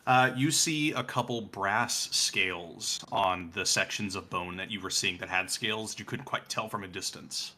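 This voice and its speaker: A man's voice: fairly low pitch, moderate pace, few pauses, pushed and bright. A man narrating a tabletop game as game master, hesitant with many fillers and frequent laughs.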